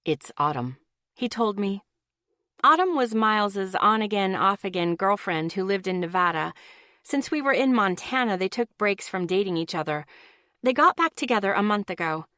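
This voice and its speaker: A woman's voice: mid-range voice, lively intonation, normal speed, sharp tone, dry recording, studio quality. A woman reading a first-person audiobook in a casual, lightly wry tone. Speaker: audiobook narrator.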